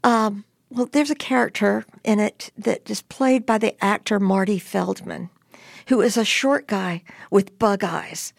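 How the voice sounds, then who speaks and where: Gravelly older woman telling a wild story. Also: medium pitch, measured pace, dry recording, studio quality. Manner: lively, animated retelling with voiced quotes. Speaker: storyteller guest. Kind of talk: telling a personal story in an interview.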